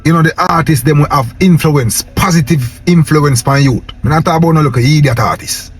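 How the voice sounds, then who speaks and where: A man's voice: a little high, a little fast, soft background music. A young Jamaican man with a Patois accent, ranting to camera in a casual vlog and tagging his lines with "yo" and "man". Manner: impassioned, preachy, repeats "yo" and "man". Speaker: vlogger.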